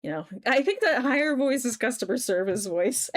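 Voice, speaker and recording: While livestreaming a video game, a streamer talks casually at a moderate pace with lively intonation. She swears freely, reads chat messages aloud, and has a medium-pitched voice she wishes were deeper.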